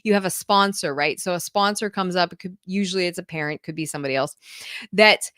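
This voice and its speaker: A woman's voice: fairly low pitch, fast talker, a bit bright, no room sound, clean studio sound. A woman parenting mentor chatting casually and enthusiastically to her viewers, laughing often. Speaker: mother. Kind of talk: casual live chat to viewers.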